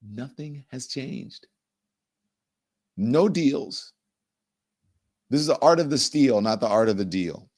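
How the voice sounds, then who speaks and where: Middle-aged male host, live-stream commentary, animated and sarcastic, mid-pitched, does quick mocking impressions. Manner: animated, sarcastic, mimics people he talks about.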